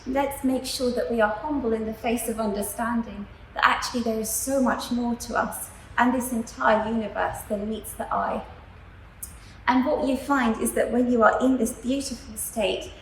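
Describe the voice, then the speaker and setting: A woman teaching a class on spiritual philosophy, talking in a gentle, earnest way with fillers as she tells a story. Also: fairly high pitch. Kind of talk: spiritual lecture to students. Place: school room. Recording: echoey room, faint background noise.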